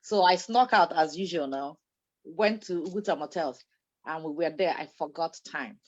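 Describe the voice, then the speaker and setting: Woman telling a lively story. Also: deep voice, normal speed, dull audio, slight background noise. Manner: lively, animated storyteller, laughs while telling. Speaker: panelist. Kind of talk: casual storytelling in a group discussion.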